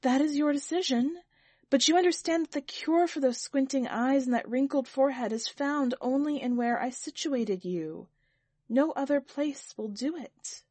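A woman's voice: high voice, takes it slowly, few pauses, dark tone, no room sound, pitched above the performer's own voice. Woman doing a trembling frail old painter. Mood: timid. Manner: tremulous, timid.

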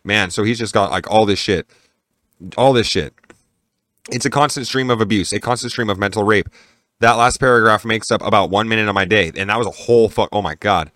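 A man's voice: fairly low pitch, a little fast, fairly bright tone, dry recording, studio quality. A young man reading an email aloud and breaking off into profane, incredulous comments. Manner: profane, incredulous asides between read passages. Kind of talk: casual reaction commentary with read-aloud passages.

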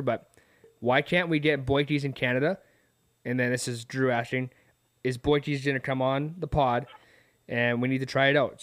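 A man's voice: medium pitch, dry recording. Dry-sounding podcast host man. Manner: joking, profane, laughs often. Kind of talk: casual interview chat.

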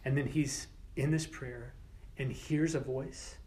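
This medium-pitched man speaks slowly as he leads a Bible class in an easygoing, chatty manner. Now and then he gets animated, and sometimes he lowers his voice to a whisper to stress a point.

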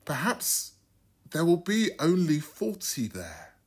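A man's voice: fairly high pitch, huge pitch swings, slow, husky, pitched above the performer's own voice, heavily acted. A man voicing a humble old patriarch who earnestly pleads with rising, imploring questions. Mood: pleading.

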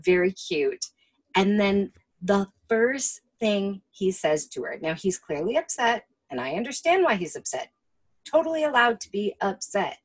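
A woman co-hosting a casual film chat, animated and profane, often acting out lines. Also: medium pitch, a little slow. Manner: animated and profane, acts out quotes. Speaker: podcast co-host.

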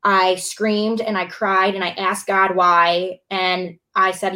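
A young woman tells a story in casual chat, bold and animated, with blunt swearing. She acts out what she and others said in lively little quotes. Her voice sits at an everyday middle pitch. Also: takes it slowly, few pauses. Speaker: bartender and show guest.

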